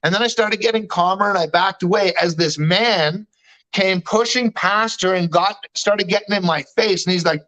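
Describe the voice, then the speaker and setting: A man's voice: sits high, moderate pace, pushed and bright, poor audio. A man, talking candidly in a casual chat, slangy and swearing freely. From Canada. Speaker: guest. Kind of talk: casual chat recounting a dream.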